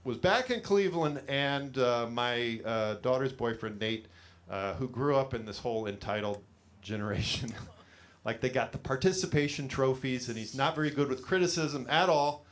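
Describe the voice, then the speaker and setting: A man's voice: mid-range voice, normal speed, slight background noise. A middle-aged man from California doing a stand-up comedy set, telling rambling self-deprecating stories full of fillers on a small studio stage.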